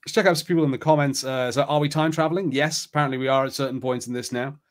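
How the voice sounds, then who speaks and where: A man's voice: medium pitch, fairly even intonation, very fast. A man hosting a live play-along stream, chatty and rambling, reading an adventure book aloud. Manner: chatty, rambling, many fillers.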